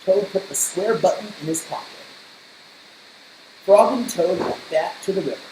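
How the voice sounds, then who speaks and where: A woman reads a children's storybook aloud at a slow, measured pace. Her voice sits on the low side. The room is roomy and echoey, with a faint hiss underneath. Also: warm tone. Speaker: storybook reader. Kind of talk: reading a children's book aloud.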